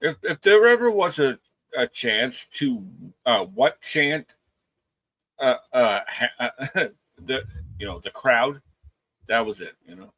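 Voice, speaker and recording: A man co-hosting a casual live podcast, offering short, hesitant remarks that often restart. His voice sits in an ordinary middle pitch. The sound is dry, with no room echo. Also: sing-song, slow, long pauses, a bit bright. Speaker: podcast co-host. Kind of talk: casual livestream reaction chat.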